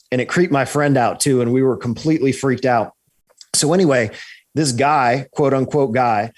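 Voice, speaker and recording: A man, a guest on a podcast, telling a story in a lively way, often checking in with "right?" and restarting his sentences. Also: mid-range voice. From United States. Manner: animated, repeats "right?" and restarts. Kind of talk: storytelling in an interview.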